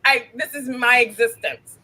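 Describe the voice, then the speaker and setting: A woman's voice: a little high, normal speed, pushed and bright, rough recording. A woman guest in a casual chat, riffing in a brash, profane, comic way.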